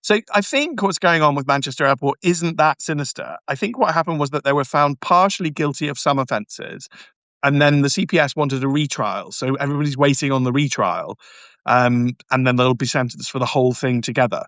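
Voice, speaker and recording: A man's voice: medium pitch, brisk, a bit bright, no echo. A barrister hosting a live stream, talking emphatically and often stumbling and restarting as he answers viewers' comments. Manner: mocking, sarcastic asides.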